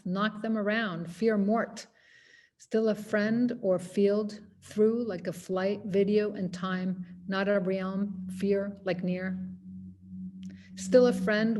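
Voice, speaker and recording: A woman's voice: medium pitch, a little mellow. A woman poet giving a poetry reading, narrating in a wry, conversational way. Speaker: poet reading her work.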